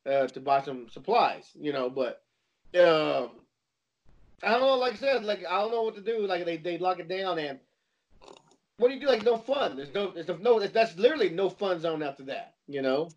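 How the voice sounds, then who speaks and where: A man's voice: sits high, expressive. Rambling man on a dull lo-fi mic. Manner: rambling, halting. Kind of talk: casual group chat.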